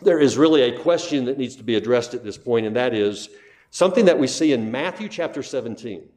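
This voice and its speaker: A man's voice: mid-range voice, lively intonation, fairly quick, darkish tone. A male pastor giving an expository sermon, stressing key words and asking his listeners questions. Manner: emphatic, repeats key phrases, asks the listeners questions. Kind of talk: expository Bible teaching.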